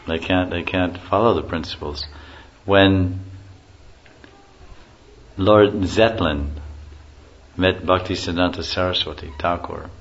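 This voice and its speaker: A spiritual teacher gives an informal lecture, telling stories, chuckling and acting out the quotes. His deep voice keeps a steady tone, slow and with frequent pauses. The recording is muffled and lo-fi with a faint hiss.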